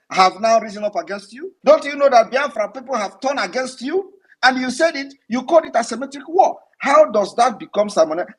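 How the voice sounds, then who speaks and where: A man's voice: high voice, fairly bright tone, breathy edge. A man with a Nigerian accent gives a heated, accusatory speech to a live online audio room, firing off rhetorical questions. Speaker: political leader addressing listeners. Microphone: online audio-room stream.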